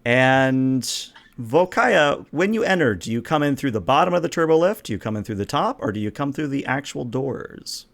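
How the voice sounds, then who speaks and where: A man running a tabletop role-playing game as game master, narrating scenes and steering the players with relaxed fillers. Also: mid-range voice, normal speed, creaky.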